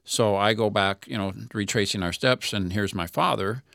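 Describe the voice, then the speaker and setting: Man, low voice, earnest halting host, dry mic. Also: creaky, fairly bright tone, no echo. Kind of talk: community radio interview.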